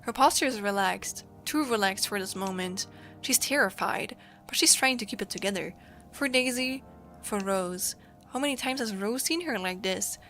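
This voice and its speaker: A woman from Germany, a streamer reading a story game aloud with expressive, emotional storytelling. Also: medium pitch, normal speed, soft background music.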